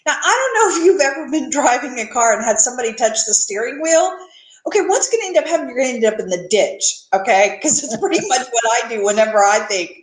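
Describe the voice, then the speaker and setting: Woman host, high voice, chatty and self-mocking, echoey room. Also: expressive, quick pace. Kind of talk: casual faith chat on a webcast.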